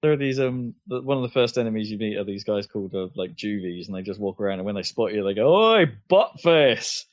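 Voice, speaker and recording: Podcast co-host, male, casual chat, halting delivery with fillers, lowish voice, dry lo-fi sound. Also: steady tone, darkish tone, no room sound. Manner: hesitant, many fillers and restarts. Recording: dull lo-fi podcast audio.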